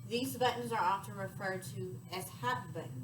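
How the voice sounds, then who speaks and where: A woman family advocate presenting a scripted session, measured and inviting listeners to reflect. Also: mid-range voice. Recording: roomy distant mic with background noise.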